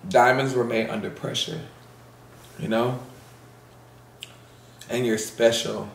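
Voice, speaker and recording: Brief: man, mukbang vlogger, gravelly tone, slow, earnest encouragement, echoey room. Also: medium pitch, level tone, slight background noise. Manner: earnest, encouraging, repeats phrases for emphasis. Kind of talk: heartfelt casual monologue.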